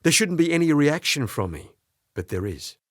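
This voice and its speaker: Expressive male audiobook narrator. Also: fairly high pitch, normal speed, dry recording, clean studio sound. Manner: expressive storytelling with character voices. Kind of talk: first-person audiobook narration.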